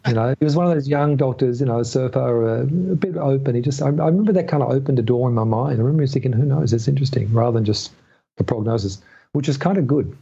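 A middle-aged male podcast guest spins a long personal story, rambling and restarting again and again. His medium-pitched voice is quick, gravelly, mellow and husky, captured in dull lo-fi audio.

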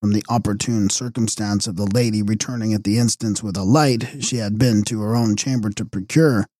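A man narrating a gothic novel in a measured, dramatic reading. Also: lowish voice, fairly even intonation, darkish tone, no room sound, studio quality. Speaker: audiobook narrator.

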